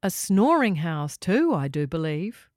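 A woman voicing a kindly, gently joking father in a children's story. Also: lowish voice, sing-song, unhurried, dry recording, studio quality. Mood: bemused. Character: kindly, bemused father of a family.

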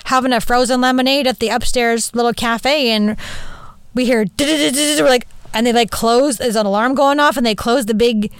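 Woman, podcast host, rambling and sweary, smooth higher voice, dry close sound. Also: fairly even intonation, moderate pace, no echo. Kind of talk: casual monologue. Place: small closet.

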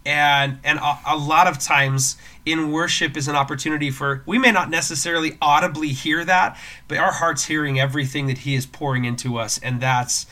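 Male podcast host, very bright and forceful tone, casual storyteller who restarts often. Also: on the high side, brisk. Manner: storytelling, animated with many restarts. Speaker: worship leader and podcast host.

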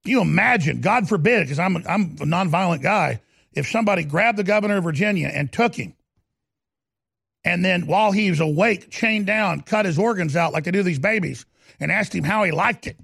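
A man's voice: high-pitched, fairly quick, creaky, a bit bright, husky, dry recording, studio quality. A middle-aged man hosting a talk radio show, ranting fervently and combatively and hammering points through repetition between ad reads.

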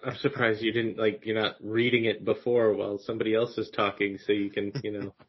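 A man's voice: on the low side, level tone, brisk, slightly rough. A man co-hosting a movie podcast, teasing his friends and reading movie news in a casual way. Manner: teasing, laughs often. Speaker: podcast co-host. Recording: dull lo-fi sound.

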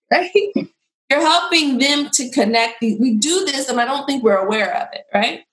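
A woman giving parenting and relationship advice in a casual chat, animated and acting out bits of dialogue. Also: high-pitched, moderate pace, reverberant, rough recording. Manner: animated, acts out quoted dialogue.

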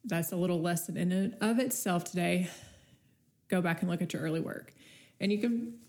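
A woman's voice: lowish voice, brisk, darkish tone. A woman hosting a casual solo podcast, talking off the cuff in a chatty, encouraging way while her nose is stuffy from a cold. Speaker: podcast host.

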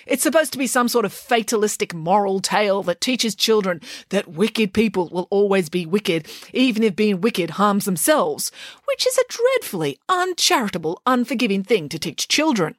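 A woman's voice: mid-range voice, very animated, moderate pace, no room sound, studio quality. A woman reading a storybook aloud, voicing a self-assured female pig nanny who speaks grandly and emphatically. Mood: emphatic.

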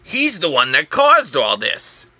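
A podcaster voicing a fierce, determined young woman with slow, deliberate, lowered lines while reading a storybook aloud. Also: huge pitch swings, bright, forceful tone, dry recording, full character voice.

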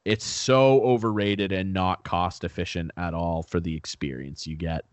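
A man's voice: low-pitched, fairly even intonation, normal speed, smooth, no echo. A young man co-hosting a podcast, chatting casually with lots of "like" and "dude" and some swearing. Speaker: podcast co-host. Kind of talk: casual chat.

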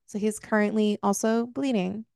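A woman co-hosting a book club podcast, retelling a romance novel in a casual, profane, animated way. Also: medium pitch, moderate pace, creaky, smooth, dry recording, clean studio sound. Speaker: podcast co-host. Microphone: close podcast mic.

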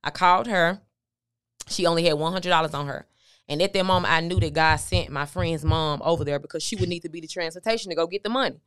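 Guest, woman, middle-aged, low and smooth voice, dry close sound, conversational storytelling. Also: fast talker, fairly bright tone, no room sound. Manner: conversational, recounting with quoted dialogue. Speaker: guest, motivational speaker. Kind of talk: candid storytelling interview.

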